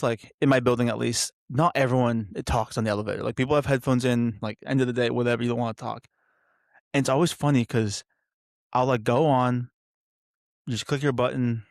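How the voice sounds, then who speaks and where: Rambling young man with a gravelly voice. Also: medium pitch, no room sound, studio quality. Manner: rambling, self-interrupting, many fillers. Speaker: podcast host. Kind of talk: solo podcast rambling.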